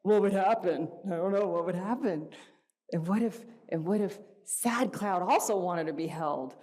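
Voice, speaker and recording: Her voice is on the low side and moderately paced as she stands on a church hall stage giving an inspirational talk to a gathering. She tells a personal story in a chatty way, poses frequent questions to the audience, and animatedly plays out a conversation with her child.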